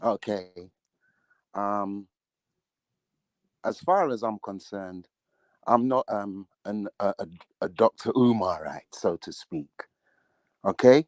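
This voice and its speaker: A man's voice: fairly low pitch, takes it slowly, long pauses, no echo. A man calling into a livestream as a guest, speaking hesitantly and tersely. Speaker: call-in guest.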